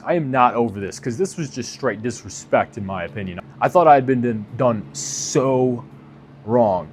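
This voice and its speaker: A young man telling a story in a casual, profane, exasperated way, as a vlogger. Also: mid-range voice.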